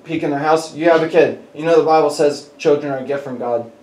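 Male preacher, casual storytelling sermon, animated delivery, slightly high voice, roomy hall sound. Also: fast, recorded from a distance. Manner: animated, chuckles through his stories. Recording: echoey hall with faint background noise.

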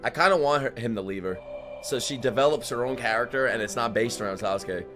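A man giving casual live reaction commentary while watching an anime, swearing freely and swinging between quiet muttering and loud outbursts. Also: medium pitch, quick pace. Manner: excitable, profane, swings from muttering to shouting. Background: faint anime soundtrack music.

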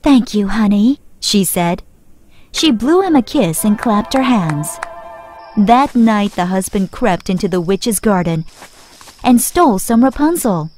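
A woman telling a children's fairy tale in clear, expressive, measured scripted narration. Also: medium pitch, faint music behind.

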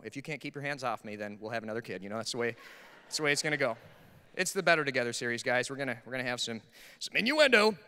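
A man's voice: mid-range voice, sharp tone, long reverb tail. A man preaching a sermon as pastor, telling humorous, self-deprecating stories about married life. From Minnesota. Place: church sanctuary.

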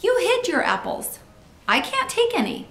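A woman playing an indignant little schoolgirl from a storybook, pitched high and complaining with a lively, jumping voice. The room gives a clear echo. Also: moderate pace, exaggerated voice. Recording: roomy echo.

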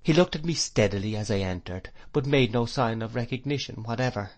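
An adult man narrating a classic novel as an audiobook, measured and expressive. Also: mid-range voice.

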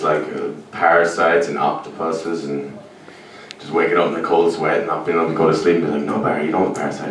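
An Irish man doing a rambling, deadpan stand-up routine in a comedy club, breaking into sudden shouts and yelps. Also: low voice, background noise. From Ireland. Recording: echoey club, mic heard from a distance.

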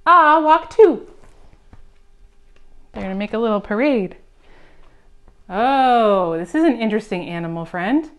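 A woman reading a picture book aloud at a preschool storytime, gently coaxing the children with questions. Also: medium pitch, expressive, normal speed. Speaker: children's librarian.

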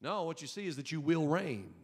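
A man preaching as a pastor in a church, emphatic and calling for the congregation to repeat after him, sometimes rising to a shout. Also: on the high side, animated, fairly quick. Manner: emphatic, call-and-response preaching, at times shouting. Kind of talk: sermon. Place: church sanctuary. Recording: long hall reverb.

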